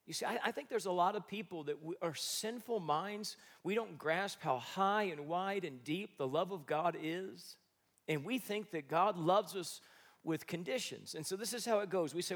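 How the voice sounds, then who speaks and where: Male pastor with a high voice, animated sermon delivery that swings between loud and quiet. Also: normal speed.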